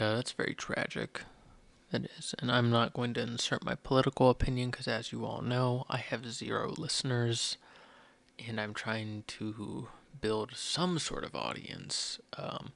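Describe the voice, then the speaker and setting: Gravelly young man rambling solo. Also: medium pitch, fairly bright tone. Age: 20s. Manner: rambling, self-deprecating, restarts often. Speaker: podcast host. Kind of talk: solo rambling podcast talk.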